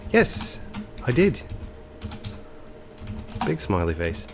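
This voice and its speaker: Music plays in the background as a let's play host speaks slowly in a fairly low voice. Sounding stuffed up, he commentates the game in a fake English accent, pausing on ums and correcting himself.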